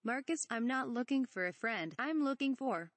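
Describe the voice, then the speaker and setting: A woman's voice: a little high, lively intonation, normal speed, no room sound, natural voice. A woman voicing an irritable young male pilot, reading his snappish lines from a parody script. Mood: annoyed. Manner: exasperated, snappish.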